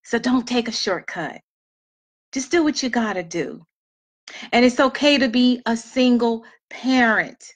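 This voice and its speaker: A woman's voice: fairly high pitch, a little slow. Earnest emphatic woman, emotional speaker. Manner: earnest, emphatic, repeats key phrases. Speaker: speaker addressing single mothers. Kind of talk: motivational talk to an audience.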